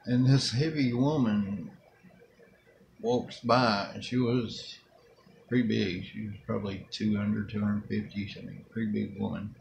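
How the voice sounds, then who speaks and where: A man's voice: on the low side, steady tone, unhurried, vocal fry, darkish tone, a little hiss or hum. A middle-aged man with a Southern American accent telling a rambling personal story in a casual, folksy way. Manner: rambling, folksy, acts out quotes. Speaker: storyteller vlogger.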